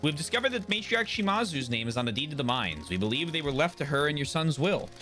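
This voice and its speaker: A man playing a loyal, determined young gang lieutenant, earnest and quick, his voice bright and animated. Faint music runs under it. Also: on the high side.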